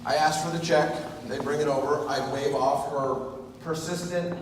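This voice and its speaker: A man, the groom, tells a funny, self-mocking story at his wedding with a slightly high voice. He sounds distant from the mic in a big, echoing hall, with room noise all around. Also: steady tone, moderate pace. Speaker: groom giving a wedding speech. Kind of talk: comedic storytelling speech. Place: large reception hall. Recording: echoey hall, voice from far off, audible room noise.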